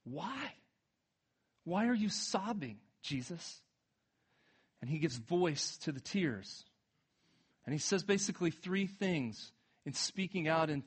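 A male pastor delivers a sermon in a fairly high voice. He tells the scripture in a relaxed, conversational way, pushing up to emphatic peaks and then sinking low and quiet for weight. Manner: retells scripture in a casual, conversational way.

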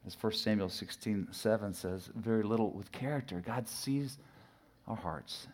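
A middle-aged pastor preaching a sermon, telling a personal story with lively swings from loud acted shouts to hushed asides. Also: male voice, lowish voice, moderate pace. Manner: animated storytelling, acts out his own shouting and sudden hushed asides.

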